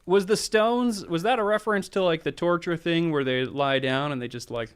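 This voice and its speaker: A man's voice: on the high side, moderate pace, clean tone. Playful man co-hosting a comedy chat. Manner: playful, tosses in clips. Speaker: co-host running the segment.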